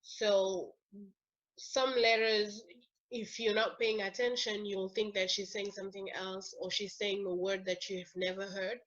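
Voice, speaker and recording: Woman teaching accents, talks real slow, a bit dull lo-fi sound. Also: mid-range voice, flat delivery, fairly bright tone. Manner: slow, thoughtful, with many fillers and restarts. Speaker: language teacher. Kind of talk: casual explanatory lesson.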